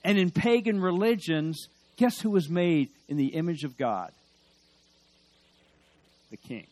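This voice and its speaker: A male preacher giving a sermon, swinging between loud emphasis and hushed asides and leading the congregation in call-and-response. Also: a little high, lively intonation, normal speed.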